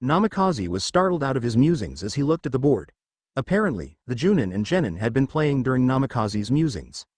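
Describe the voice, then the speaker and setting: Here a male narrator reads fan fiction briskly, keeping a steady, expressive delivery with lots of pitch movement. It's a close, dry recording without any room echo.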